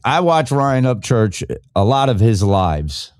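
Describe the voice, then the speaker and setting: A man's voice: mid-range voice, big pitch swings, takes it slowly, background noise. A middle-aged man hosting a podcast, ranting in a casual, rambling and profane way about his opinions. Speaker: podcast host. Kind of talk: casual live-stream rant.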